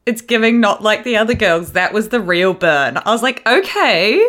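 A young woman from New Zealand co-hosting a podcast in casual chat, animated and laughing, often mimicking accents. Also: mid-range voice, normal speed. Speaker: podcast co-host.

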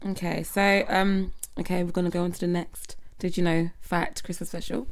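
Young woman podcast co-host, low and gravelly, reads trivia, laughs easily. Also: flat delivery, moderate pace. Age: young adult. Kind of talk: casual chat.

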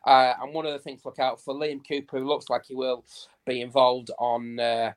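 A man reciting football statistics on a fan podcast, pausing often with fillers. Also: medium pitch. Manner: steady recital of stats with many uh fillers. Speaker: stats guest on fan podcast. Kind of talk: casual podcast chat.

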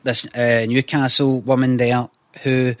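Scottish man, animated sweary storyteller, middle pitch, dry close sound. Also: measured pace, no echo. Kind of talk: casual storytelling.

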